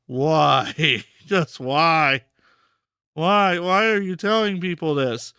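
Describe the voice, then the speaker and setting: A man's voice: fairly high pitch, extremely slow, pushed and bright, clean tone, no room sound, clean studio sound. A man hosting a live stream, talking casually and repeating himself in disbelief, stammering for words. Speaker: podcast host and streamer.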